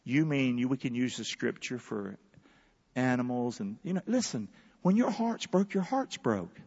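A man preaching a lively sermon with call-and-response, swinging between hushed asides and loud shouts. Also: medium pitch, normal speed, husky, in a large hall, highs cut off. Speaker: pastor. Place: large church hall.

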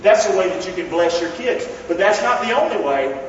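A man preaching a sermon in a church, folksy and joking, calling on the congregation to answer and slowing down hard on the words he stresses. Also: high voice, animated, a little hiss or hum. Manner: emphatic, slows down to stress key words. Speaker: pastor. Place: church sanctuary. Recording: echoey hall, distant dull mic.

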